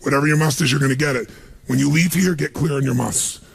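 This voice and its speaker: A middle-aged man giving an energetic motivational seminar speech, punchy and questioning the crowd. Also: fairly high pitch, fast. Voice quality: gravelly, husky. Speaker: motivational speaker. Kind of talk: live seminar speech to an audience.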